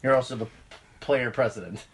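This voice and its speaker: A man co-hosting a comedy podcast, teasing his friends with dry, deadpan jokes. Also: mid-range voice, fairly quick, slightly rough. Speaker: podcast co-host. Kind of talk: casual comedic chat.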